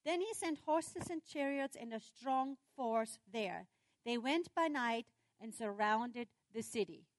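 A woman preaching a sermon, retelling a scripture story with lively, dramatic swings in her voice. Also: high voice, no room sound.

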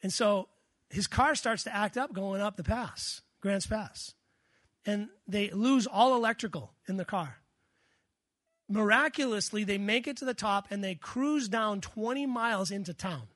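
Male pastor, sermon delivery; high voice, dry close sound, animated storyteller. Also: unhurried, no echo.

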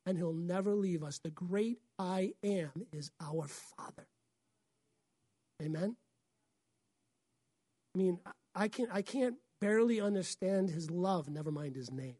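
A woman pastor, preaching a sermon in an animated way, often acting out voices and laughing. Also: lowish voice, a little slow, long pauses, no echo, clean studio sound.

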